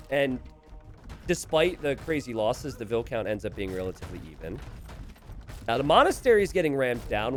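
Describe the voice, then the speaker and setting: With a mid-range voice, a man commentates a recorded strategy game match, sounding animated, chuckling, and calling out to the players.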